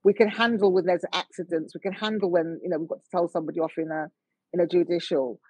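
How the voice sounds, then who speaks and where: Earnest woman with a husky voice. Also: on the low side, fairly even intonation, dark tone, no room sound, poor audio. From United Kingdom. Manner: earnest, measured, with frequent fillers. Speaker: guest, motorsport official. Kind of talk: conversational interview.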